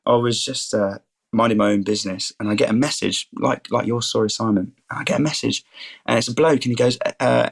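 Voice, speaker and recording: His voice mid-range and steady with some vocal fry, a 21-year-old rugby-playing student talks briskly as a podcast guest. He's eager telling his faith stories, and just about everything is awesome to him.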